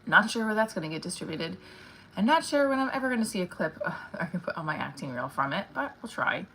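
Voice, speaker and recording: A woman with a low voice rambles through a casual live stream, candid and unpolished, dropping fillers and the odd curse. She speaks as an actress talking straight to her viewers. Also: very animated, quick pace, a bit bright, low-quality recording.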